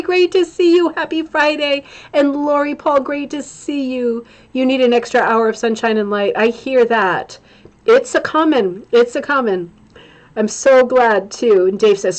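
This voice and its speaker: A middle-aged woman hosting a casual livestream, greeting viewers by name and chatting in a scattered, friendly way. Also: on the high side. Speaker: livestream host.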